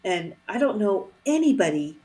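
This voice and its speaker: A woman's voice: mid-range voice, sing-song, mellow. Gushing woman on a riff panel. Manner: halting and gushing, with many fillers and restarts. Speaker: panelist on a live movie-riffing show. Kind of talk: casual chat.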